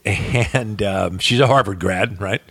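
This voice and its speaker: A middle-aged man from New Jersey with a faint Kentucky twang, co-hosting a casual podcast and telling stories with lively, salty asides. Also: lowish voice, takes it slowly, breathy edge, no echo. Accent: New Jersey with slight Kentucky. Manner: animated storyteller, swears freely. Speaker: podcast co-host. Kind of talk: casual chat.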